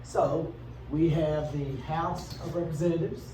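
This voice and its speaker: Male teacher, chatty classroom lecture, higher-pitched voice, distant mic with faint room hiss. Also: fairly even intonation, dark tone, reverberant. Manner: conversational, asks the class questions, acts out quick bits in funny voices.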